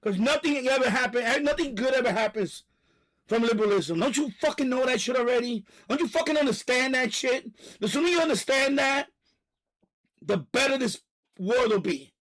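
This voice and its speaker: A man hosting a live stream, delivering a loud, profane, repetitive rant and stopping now and then to catch his breath. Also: very high-pitched, animated, normal speed, low-quality recording. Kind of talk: ranting live stream monologue.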